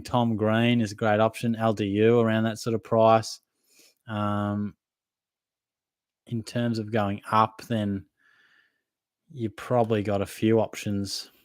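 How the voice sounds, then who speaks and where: A man's voice: on the low side, no echo. A man with an Australian accent hosting a live Q&A, reading out viewer questions and answering them in a casual, matey way. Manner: casual, matey, conversational, hedging fillers. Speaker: fantasy football podcast host.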